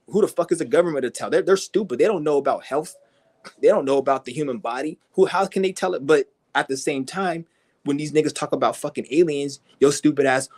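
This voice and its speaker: Dude ranting hard, cussing nonstop, bit higher voice, mocking people. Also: male voice, brisk, darkish tone. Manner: aggressive, mocking, swears constantly; mimics people in high whiny voices. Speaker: vlogger. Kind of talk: profane ranting monologue.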